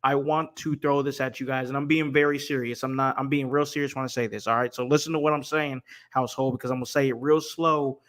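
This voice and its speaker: A man hosting a casual livestream chat, making his points emphatically and repeating them slowly. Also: medium pitch, level tone, fairly bright tone. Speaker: podcast host.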